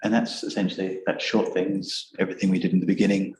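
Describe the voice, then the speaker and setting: Low-voiced calm male meditation guide. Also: quick pace, noisy background. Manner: calm, gentle, repetitive instructions. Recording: echoey room.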